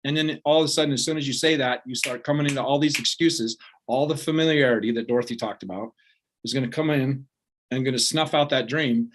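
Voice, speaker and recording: A man's voice: mid-range voice, quick pace. A man giving a motivational talk, earnest and conversational, often checking in with his audience. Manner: earnest, peppered with "right?" and "like". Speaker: motivational speaker.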